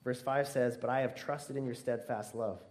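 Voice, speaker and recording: A man preaching a sermon earnestly, swinging between emphatic stress and hushed, tearful softness. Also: medium pitch, fairly even intonation, normal speed. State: near tears at times.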